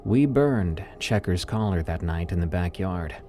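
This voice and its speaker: Guy narrating a creepy story, low warm voice, slow and ominous, soft music under it. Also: expressive. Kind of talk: scripted first-person horror narration.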